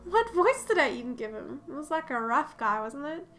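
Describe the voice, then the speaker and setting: A woman doing excitable let's play commentary, swearing and reading game dialogue aloud. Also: sits high, brisk, soft background music. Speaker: gamer.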